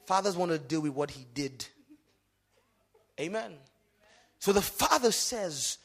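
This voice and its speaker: Animated preaching man, Yoruba mother tongue. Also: on the high side, normal speed, pauses often. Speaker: pastor. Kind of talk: sermon.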